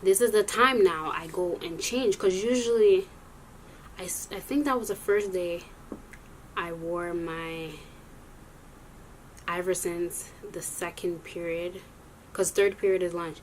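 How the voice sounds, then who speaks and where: A young adult woman telling a story in a casual vlog, rambling and animated, often correcting herself as she goes. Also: fairly low pitch, unhurried, pauses often, a little hiss or hum. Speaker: vlogger.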